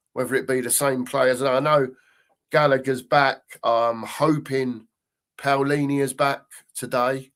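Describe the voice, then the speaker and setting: Older man, live-stream host; rambling, repetitive, chatty delivery. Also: mid-range voice. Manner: rambling, repeats phrases, chatty. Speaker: fan channel host reading live comments. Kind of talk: casual live-stream chat.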